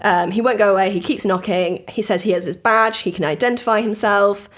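A woman's voice: mid-range voice, a little fast. A woman hosting a true crime podcast, chatting casually and telling the story with acted-out quotes. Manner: chatty, laughs often, acts out quotes.

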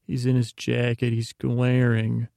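Gravelly, flat-voiced man rambling at bedtime. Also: mid-range voice, measured pace, no room sound, studio quality. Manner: meandering, full of restarts and asides. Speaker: podcast host.

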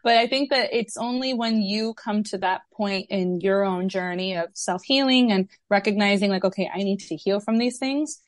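A woman's voice: mid-range voice, moderate pace, hardly any pauses, dry recording. A woman talks as a podcast guest in a mid-range voice, candid and chatty, her sentences loose and full of "like". The recording is dry and close. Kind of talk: conversational interview.

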